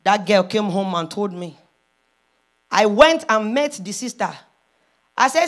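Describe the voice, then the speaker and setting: A pastor's wife preaching a sermon, moving from hushed storytelling to loud, impassioned calls. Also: female voice, mid-range voice, expressive, unhurried, pauses often.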